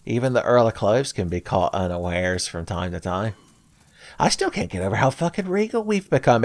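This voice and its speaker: A man's voice: mid-range voice, dry recording. Sarcastic man doing profane game commentary. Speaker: gameplay commentator. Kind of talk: Let's Play commentary.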